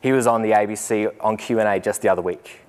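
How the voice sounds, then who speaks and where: A man's voice: on the low side, fairly even intonation, fast talker, a little mellow. A young Australian man, a teacher giving a talk to an audience, telling a story with humor and acting out the voices he quotes.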